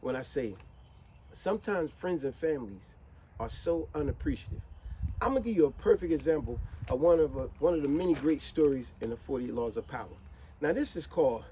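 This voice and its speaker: A streetwise man speaks straight to camera in a preachy, animated monologue. His pitch swoops and climbs often. His voice is slightly high yet soft and mellow. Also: a little fast, a little hiss or hum, rough recording. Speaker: vlogger. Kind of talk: motivational monologue with fable.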